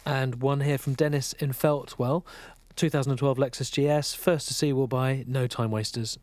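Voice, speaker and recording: A man's voice: medium pitch, steady tone, normal speed, darkish tone, no room sound. A man working as a radio co-presenter, speaking in a dry, matter-of-fact way.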